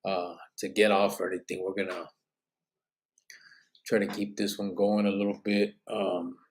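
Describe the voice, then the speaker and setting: A man's voice: sits low, flat delivery, moderate pace. A man hosting a live podcast, reading out chat comments in a loose, rambling way with bits of Spanish slang, sounding tired and yawning. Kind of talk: casual live-stream chat.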